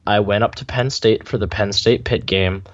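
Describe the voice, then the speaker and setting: A man co-hosting a sports podcast, talking casually with dry, deadpan humor. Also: lowish voice, normal speed. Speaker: podcast co-host. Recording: slightly dull lo-fi sound.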